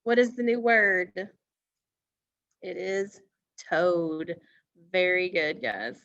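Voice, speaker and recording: A woman teacher walks young children through a phonics lesson at a very unhurried pace, drawing out each word so they can hear the sounds. The recording is dull and lo-fi, with a dry, close sound and no room echo. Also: fairly low pitch, fairly bright tone. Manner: slow, deliberate, encouraging, stretches words for emphasis.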